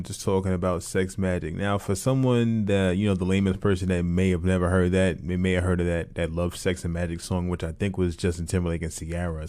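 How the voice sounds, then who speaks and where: A man hosting a casual radio talk show, relaxed and rambling, with a low late-night radio voice. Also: no echo. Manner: relaxed, rambling with many fillers. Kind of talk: casual podcast chat.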